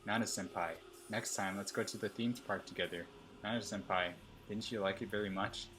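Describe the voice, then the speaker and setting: A man voicing a clingy, obsessive schoolgirl stalker as he reads her text messages aloud in a plain, even voice. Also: on the low side, a little fast, over music, natural voice.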